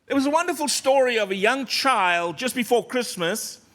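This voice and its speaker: A man preaching a sermon in a church, earnest and storytelling, often dropping to a soft, low voice. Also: expressive, moderate pace.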